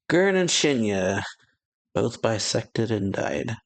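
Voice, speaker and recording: A man's voice: lowish voice, normal speed, creaky. A man casually recapping a manga chapter, retelling the dialogue loosely and chuckling between lines. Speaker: manga reaction channel host.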